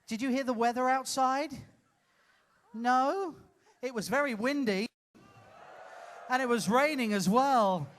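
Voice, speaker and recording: A man hosting a live comedy show, teasing an audience member in a playful, loud way. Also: extremely high pitch, a little slow, pauses often, slight background noise. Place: cruise ship theater stage.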